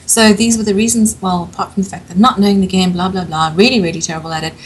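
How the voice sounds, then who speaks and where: Chatty woman on a gaming podcast, mid pitch, bit of hiss. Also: fairly even intonation, fast, poor audio. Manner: chatty, candid, frequent laughter. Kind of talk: casual podcast chat.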